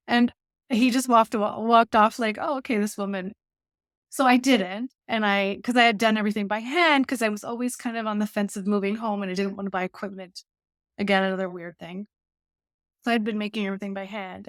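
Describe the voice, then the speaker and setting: A woman from Canada telling stories in a casual interview, animated, with quick asides and acted-out quotes. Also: medium pitch, no echo, clean studio sound. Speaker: guest, baker and culinary teacher.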